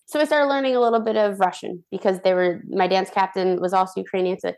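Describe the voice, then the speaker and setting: A young woman, a professional dancer and guest on the show, telling stories in a chatty, animated way full of "like". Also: mid-range voice, fast talker, hardly any pauses. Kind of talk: casual storytelling interview.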